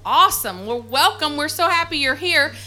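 A woman's voice: sits high, normal speed. A woman pastor preaching to a congregation, telling a candid story about herself with frequent ums. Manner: lively, self-deprecating storytelling with many ums. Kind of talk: sermon. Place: church service. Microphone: handheld or stage mic with feedback when moving.

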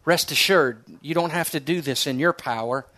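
Earnest preacher man, slightly high voice. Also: normal speed. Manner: earnest storytelling preacher, dropping to soft, hushed tones for emphasis. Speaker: pastor. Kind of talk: sermon.

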